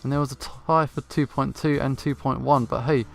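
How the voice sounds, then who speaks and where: Male reader as earnest cat senator, sheepish, mid pitch, game dub. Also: fairly even intonation, moderate pace, creaky, faint music behind. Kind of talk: visual novel voice-over reading.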